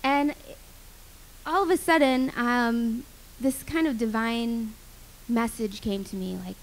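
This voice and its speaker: A woman's voice: on the high side, steady tone, measured pace, a little hiss or hum, rough recording. A woman and minister telling a personal travel story on stage, earnest and reflective. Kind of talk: live storytelling. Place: live venue stage.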